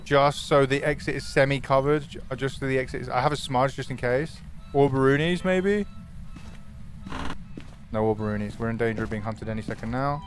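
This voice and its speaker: A young man streaming a horror game, talking to his chat in an excitable, swearing manner. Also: mid-range voice, brisk, faint music behind. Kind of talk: live gaming stream commentary.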